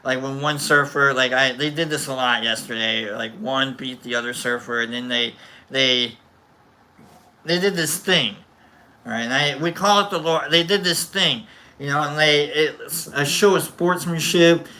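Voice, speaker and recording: Bright rambling man chatting casually. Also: medium pitch, measured pace. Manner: rambling, self-interrupting, jokey. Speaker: host. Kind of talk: casual chat.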